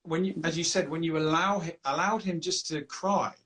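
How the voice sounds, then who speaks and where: A man's voice: a little high, fairly even intonation, normal speed, a bit bright. A man who works as a counselor and coach, speaking as an interview guest in a reflective, affirming way with frequent ums and restarts. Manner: reflective, affirming, hesitant with fillers.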